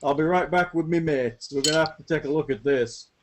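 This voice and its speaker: A man's voice: a little high, fairly quick, background noise, lightly acted. A man voicing a simple male servant hauling slops, folksy, saying "me" for "my" and fretting over his bucket. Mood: flustered. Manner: folksy, says "me" for "my", calls out to his lads.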